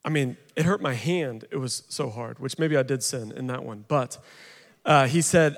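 A man's voice: medium pitch, normal speed, gravelly. A man in his thirties giving a casual, humorous testimony at a recovery ministry meeting, chatty and full of fillers. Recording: long reverb of a large hall.

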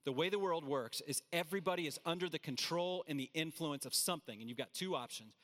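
Male preacher, a bit high-pitched, emphatic sermon delivery, long hall echo. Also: fast, fairly bright tone. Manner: earnest, emphatic preaching with asides. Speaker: pastor. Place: large room with audience. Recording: hall reverb.

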